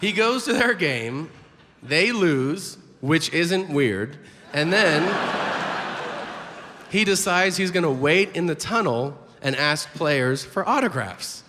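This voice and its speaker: A man doing stand-up comedy on a theater stage, with a dry, measured delivery and long pauses. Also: on the high side, expressive. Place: large theater stage before a live audience. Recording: reverberant hall with crowd noise.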